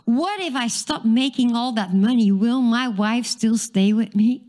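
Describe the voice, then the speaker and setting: A woman's voice: a little high, a little slow, a little mellow, close to an everyday voice. A woman voicing a worried father who frets in a string of anxious questions about losing his job.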